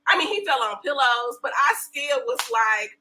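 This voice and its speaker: Bright-voiced woman telling lively stories. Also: high voice, moderate pace, slight background noise, low-quality recording. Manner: animated storyteller, laughs often, acts out quotes. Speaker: podcast guest, breastfeeding specialist. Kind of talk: casual interview chat.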